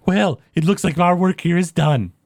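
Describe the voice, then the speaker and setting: A man's voice: high-pitched, moderate pace, vocal fry, a little mellow, no echo, clean studio sound, voice pushed up. A man voicing Professor Von Drakovich, a pompous, cheery male creature with clawed feet who flies. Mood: satisfied.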